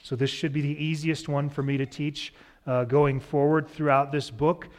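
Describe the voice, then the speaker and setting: A man preaching a sermon as pastor in a church sanctuary, relaxed and cracking light jokes to the congregation. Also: fairly high pitch, normal speed. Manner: relaxed, joking asides to the congregation.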